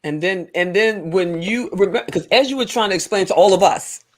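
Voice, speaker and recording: A woman hosting a casual talk show, telling a story with lively restarts. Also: mid-range voice, a little fast. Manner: animated storytelling, many restarts. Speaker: podcast host. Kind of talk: casual chat.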